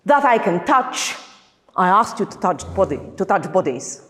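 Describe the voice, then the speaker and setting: A female professor with a Polish accent gives an academic lecture at a seminar in a theater seminar room, thoughtful and searching for her words. Her mid-range voice is sing-song and fairly bright at normal speed. A long hall reverb colors the recording.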